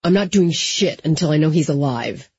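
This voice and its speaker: A woman reading the part of a tense, quick-tempered young man who speaks in short, snapping lines, in a dry, slightly dull recording. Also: sits high, lively intonation, dark tone, husky, no echo, heavily acted. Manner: curt, snapping.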